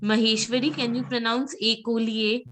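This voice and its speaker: A woman's voice: on the high side, steady tone, normal speed, fairly bright tone. A woman teaching French pronunciation in an online class, patiently repeating words for her students over a video call.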